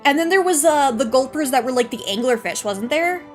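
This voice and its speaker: A woman streamer chats casually on her live stream, her voice sitting high and bouncing all over its range. She talks in an excitable, chatty way, quick to laugh, with faint music playing behind her. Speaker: streamer and host.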